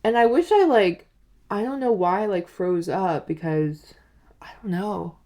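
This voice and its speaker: A woman's voice: medium pitch, a little slow. A woman in her twenties telling a dating story in a rambling, casual way, with lots of "like" and "you know". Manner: animated, acts out quoted lines. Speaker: vlogger.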